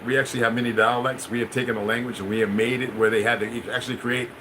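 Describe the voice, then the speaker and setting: A man's voice: medium pitch, little pitch movement, rapid-fire, background noise. A man hosting a livestream, talking in a loose, meandering way, repeating himself and speaking straight to viewers in the chat. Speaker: livestream host. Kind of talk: rambling livestream monologue, answering chat.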